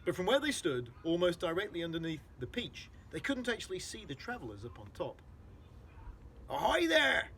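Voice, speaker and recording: A man's voice: a little high, very animated, a little fast, hardly any pauses, a little hiss or hum. A man reading a children's storybook aloud, explaining hard words for young listeners.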